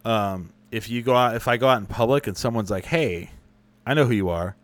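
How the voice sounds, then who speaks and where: A young adult man hosts a podcast, casually answering listener questions with rambling, profane stories in which he keeps correcting himself. His voice is mid-range and his delivery brisk.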